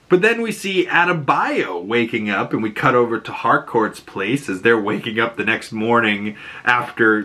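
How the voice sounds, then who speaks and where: A young man hosting a casual reaction recap, excitable, laughing often and acting out lines as he talks. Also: on the low side. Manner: excitable, laughing, acts out quotes. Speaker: reaction channel host.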